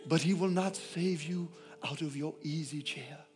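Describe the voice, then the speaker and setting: A man putting on a famous male evangelist with an accent, booming each word slowly and deliberately, a raised, bright-edged voice carrying over faint music behind. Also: natural voice. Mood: proclaiming.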